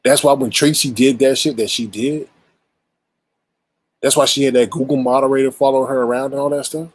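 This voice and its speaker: Husky-voiced man ranting bluntly. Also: medium pitch, steady tone, fairly quick, dry recording, low-quality recording. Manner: blunt, exasperated, rhetorical, profane. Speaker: commentary channel host. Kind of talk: casual ranting commentary.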